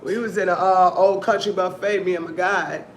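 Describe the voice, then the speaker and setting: A woman hosting a casual commentary stream, telling stories in a rambling, profane, animated way. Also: on the low side, moderate pace. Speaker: host of a news-and-commentary stream. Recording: echoey room, faint background noise.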